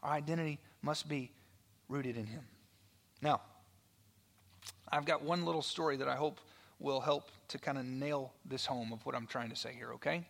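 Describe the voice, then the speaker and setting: A male pastor preaching a sermon, telling a story in a conversational way with frequent "right?" asides, swinging from loud storytelling to a hushed near-whisper. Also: mid-range voice, steady tone, normal speed, vocal fry.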